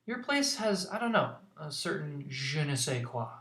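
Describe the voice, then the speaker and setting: A man voicing a chaotic, cheerful young female shapeshifter sidekick in an excitable, gushing way. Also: on the high side, normal speed. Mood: eager. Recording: roomy echo.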